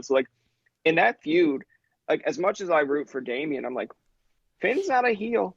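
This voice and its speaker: A man in his thirties from Newfoundland tells stories as a podcast guest, loose and profane, acting out everyone in them. His voice sits a little high with a gravelly edge. The recording is dull and dry. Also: expressive, moderate pace, no echo. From Newfoundland, Canada. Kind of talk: casual storytelling chat.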